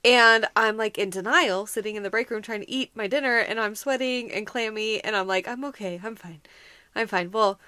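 Bright high-voiced woman telling a story. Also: fairly quick, hardly any pauses, clean tone, dry recording. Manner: animated, laughing storyteller acting out her own panic. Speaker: podcast co-host. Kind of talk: casual storytelling chat.

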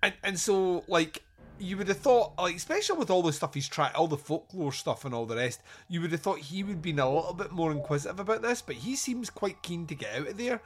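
A man's voice: high voice, expressive, fairly quick. A man hosting a podcast, reviewing a movie in casual chat, sarcastic and rambling with frequent laughs. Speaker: podcast host.

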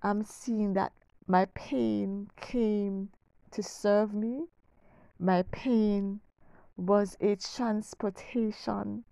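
A middle-aged woman hosting her own podcast, speaking in a slow, emphatic, heartfelt way, repeating phrases and sometimes dropping almost to a whisper. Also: mid-range voice, fairly even intonation, gravelly, dark tone, no echo. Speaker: podcast host. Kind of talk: heartfelt faith-based podcast monologue.

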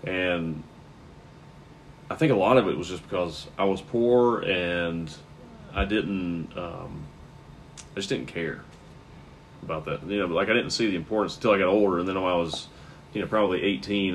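A man with a very deep, low voice talks loosely in a casual podcast chat. He rambles, stalls on fillers and hunts for the right word as he goes. A faint hiss of noise sits behind him. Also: normal speed, pauses often. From American South. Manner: rambling, searches for words with many fillers. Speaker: comedian guest.

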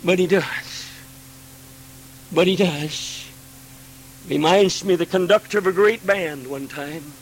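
A man preaching a Pentecostal sermon, swinging from hushed pleading to ringing cries and acting out God's pleading voice. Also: high-pitched, a little slow, long pauses, a little hiss or hum, poor audio.

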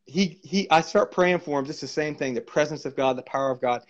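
A man with a slightly high voice tells a charismatic testimony, fervent and full of repeated words and restarts. The recording is dull and lo-fi. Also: brisk. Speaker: minister sharing testimony.

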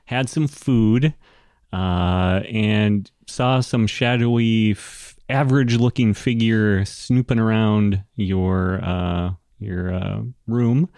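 Rambling game master with a low voice. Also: male voice, takes it slowly, no room sound, clean studio sound. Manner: relaxed and rambling, many ums and restarts. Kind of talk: narrating a tabletop game.

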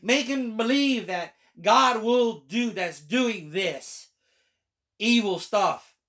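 A man's voice: high-pitched, slow pace, fairly bright tone. A man preaching his testimony as a pastor, his delivery fervent and emphatic. He leans hard on key phrases and repeats them for weight while working through a passage of scripture. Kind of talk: personal testimony sermon reading scripture.

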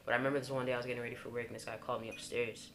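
A woman's voice: rumbling low, flat delivery, racing, background noise. A young woman candidly telling a personal story in casual conversation, full of "like" and "you know". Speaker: guest telling her coming-out story.

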